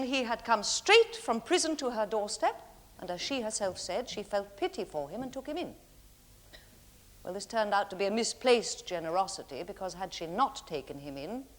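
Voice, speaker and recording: A woman performing a composed defence barrister from a 1970s courtroom drama, formal and earnest as she pleads her client's case. Her voice sits at an ordinary middle pitch and stays measured and persuasive. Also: natural voice. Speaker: defence counsel.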